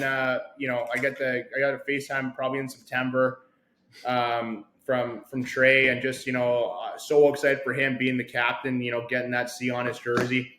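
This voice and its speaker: A man's voice: medium pitch, sharp tone, reverberant, slight background noise, poor audio. A man hosting a podcast, rambling and hyped, repeating himself as he chats casually. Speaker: podcast host. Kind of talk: casual chat.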